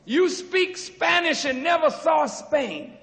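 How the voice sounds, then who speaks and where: A man, a minister, giving an impassioned lecture to students, building to shouts and stretching words for emphasis. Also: very high voice, expressive. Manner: preaching, rising to shouts, drawn-out emphasis. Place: university auditorium. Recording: archival recording with long hall reverb.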